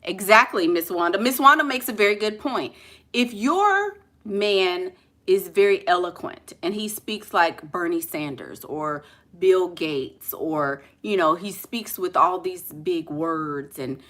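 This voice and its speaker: A woman's voice: lowish voice, lively intonation, unhurried, a bit bright. A woman vlogger chatting casually and jokingly with her live viewers, laughing often.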